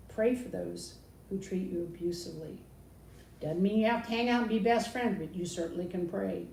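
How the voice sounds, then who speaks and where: An older woman teaches in a lively, conversational way, slipping into sarcastic quoted voices. Her voice sits mid-range for a woman. It is captured from a distance with a roomy sound and faint noise behind. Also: medium pitch. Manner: animated, mimics others with sarcastic quotes. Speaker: Christian speaker. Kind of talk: casual teaching talk. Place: balcony outdoors.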